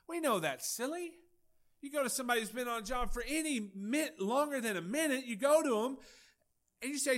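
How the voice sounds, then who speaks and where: A male pastor, preaching a folksy, animated sermon with acted-out dialogue. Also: extremely high pitch, fairly quick.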